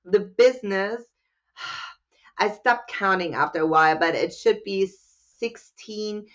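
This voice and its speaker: A woman's voice: medium pitch, slow pace, a bit bright, highs cut off. A woman from Germany with a German accent, chatting as a podcast guest in a bubbly, candid way and laughing often. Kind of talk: casual interview chat.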